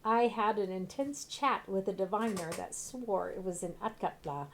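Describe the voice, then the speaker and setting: An arrogant male wizard lays out his schemes in slow, grandiose phrases, read aloud by a woman. The voice stays at her own middle pitch and is a little quieter than her usual talk. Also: slight background noise, natural voice. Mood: scheming. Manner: measured, grandiose reading.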